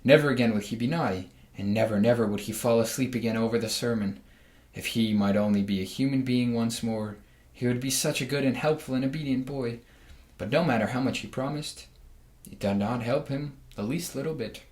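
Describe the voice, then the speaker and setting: A man reads a children's storybook aloud at an easy, measured pace, with a voice pitched in the middle range. The room around him is echoey. He livens up the reading with voices for the animals. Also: darkish tone.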